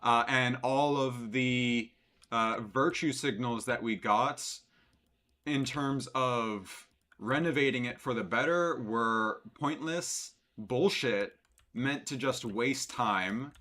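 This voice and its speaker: A man's voice: medium pitch, takes it slowly, bright, forceful tone. A man streaming live, reacting to a clip with sarcastic, rambling commentary full of fillers.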